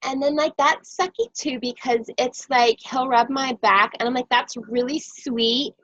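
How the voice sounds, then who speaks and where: A woman's voice: high voice, moderate pace, fairly bright tone, dry recording, lo-fi sound. A woman hosting a casual chat over a video call, joking and rambling about her daily life. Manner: joking, rambling, self-mocking. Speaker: host.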